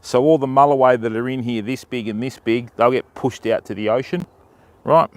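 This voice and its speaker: A man's voice: medium pitch, normal speed, no echo. Chatty Australian man livestreaming outdoors. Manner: greets viewers by name, chatty and matey. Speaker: fishing livestreamer. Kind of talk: casual livestream chat. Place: riverbank outdoors. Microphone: phone.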